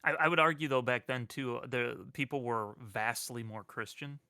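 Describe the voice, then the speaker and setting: Bright-voiced casual male co-host. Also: mid-range voice, normal speed, clear, resonant tone, no echo, studio quality. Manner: easygoing, musing, with playful mock outrage. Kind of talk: casual chat on a livestream.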